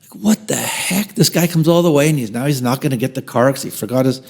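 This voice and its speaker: A man's voice: medium pitch, fast. Guy in his 50s telling a story on a podcast, acts out the quotes, whispers stuff under his breath. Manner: animated storyteller who acts out quotes and drops into whispered asides. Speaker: guest.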